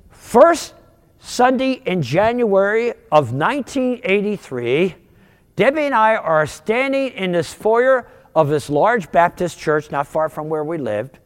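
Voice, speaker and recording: A man in his sixties from outside Philadelphia, telling his conversion story as a sermon testimony, with animated, storytelling delivery. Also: long reverb tail. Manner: animated storytelling, wide pitch swings, rising for punchlines. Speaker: guest speaker giving testimony.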